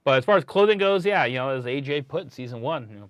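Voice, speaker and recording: A man chatting casually on an art livestream, lively and often chuckling, echoing his co-host. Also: mid-range voice, fast talker, clear, resonant tone, highs cut off. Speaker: stream artist.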